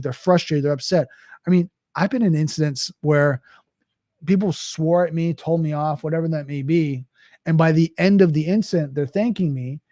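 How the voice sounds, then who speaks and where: A man's voice: on the high side, warm tone, no echo, studio quality. A man hosting a podcast, talking in a casual, conversational monologue with frequent restarts and "right?" asides. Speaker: podcast host.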